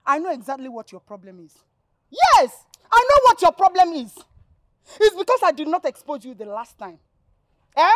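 A fiery young Nigerian village woman shouting and scolding in a very high, swooping voice. Her Nigerian accent is strong and her tone defiant. The sound is dry and close, like film dialogue. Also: very animated, fairly quick, no echo. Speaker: village girl. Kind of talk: Nollywood film acting.

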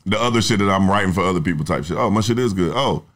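A young adult songwriter in casual podcast talk, rambling through stories with plenty of profanity. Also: male voice, low-pitched, very fast, fairly bright tone. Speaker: songwriter guest.

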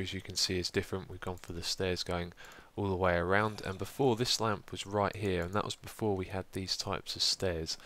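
A young man in groggy morning voice, calmly narrating his building work in a casual gameplay commentary with frequent ums. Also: low voice. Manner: steady, explanatory, frequent ums. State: groggy morning voice, deeper than usual. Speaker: let's play host.

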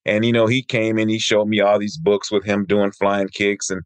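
A lower-pitched man in his fifties, a martial arts teacher from Michigan, tells long personal stories as a podcast guest. He slips into other people's voices when he quotes them. The recording is close and dry, with no room sound. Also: moderate pace, clean tone, no echo. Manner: lively storyteller who acts out quoted people. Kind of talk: interview guest storytelling.

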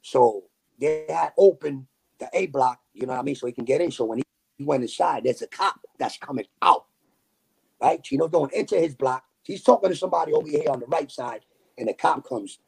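A man from New City, telling a story as a podcast guest in animated street slang with sound effects. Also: mid-range voice, fairly quick, gravelly, husky. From New York City. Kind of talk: casual storytelling.

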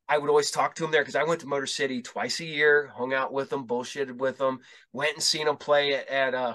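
A man's voice: on the high side, fairly bright tone. A male podcast host telling rambling, profane stories in casual chat, acting out the dialogue as he goes.

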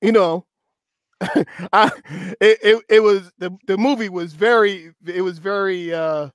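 A male host in casual discussion, animated, laughing often and drawing out quoted words slowly for emphasis. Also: sits high, no room sound.

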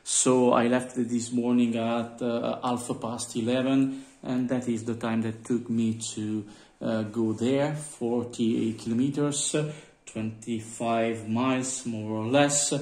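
Man, casual vlog, halting delivery, roomy sound. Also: mid-range voice, level tone, a little mellow. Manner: halting, many uh fillers, addresses viewers as guys. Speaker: vlogger. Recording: roomy with faint background noise.

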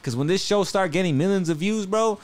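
A man's voice: high voice, fairly quick, darkish tone. A man hosting a live music review stream, joking around in loose, profane slang and thanking viewers for tips. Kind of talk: casual chat, reviewing submitted songs. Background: music playing.

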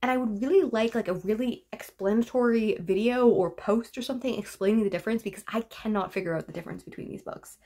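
A woman's voice: mid-range voice, fast talker, hardly any pauses, warm tone. A woman vlogging about books in a casual chat to camera, rambling and wry as she runs through a list of titles. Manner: chatty, rambling and wry, lists book titles. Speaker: book vlogger.

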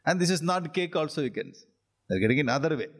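An Indian English-accented man leads a scripture class in a lightly raised voice. He recites Sanskrit lines slowly and deliberately, then explains them in plain repeated phrases. He chuckles as he checks whether his students are following. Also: fairly high pitch, big pitch swings, husky. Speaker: spiritual teacher.

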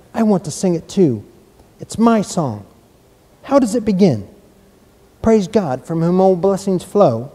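A man reading aloud, voicing an eager, excitable young boy in a storybook. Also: high-pitched, long reverb tail, voice pushed up. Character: excitable sickly boy recovering, eager and imperious.

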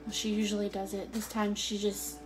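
A woman's voice: medium pitch, monotone, a little fast, over music. A woman hosting a home cooking show, talking in a casual, playful, teasing way from her kitchen. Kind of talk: casual joking chat.

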